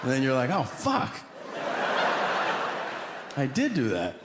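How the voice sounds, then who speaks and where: A man's voice: mid-range voice, fast talker. A middle-aged man doing a stand-up set for a live audience, telling stories and acting out both sides of each conversation. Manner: lively storytelling, acts out both sides of dialogue. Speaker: stand-up comedian. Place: comedy venue before a live audience. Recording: live hall recording with audience noise.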